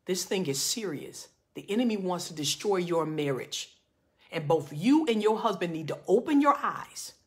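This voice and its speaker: Speaking at a normal pace in an expressive voice, a woman in her forties who works as a marriage coach preaches fervently and emphatically. She shifts from reading loudly to talking low and earnestly.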